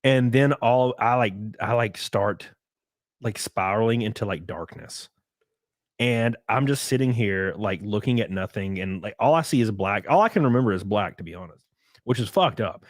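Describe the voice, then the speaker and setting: A young man in casual podcast chat, rambling through a story with lots of likes and restarts and sudden bursts of excitement. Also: fairly low pitch, moderate pace, no room sound, studio quality. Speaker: podcast guest.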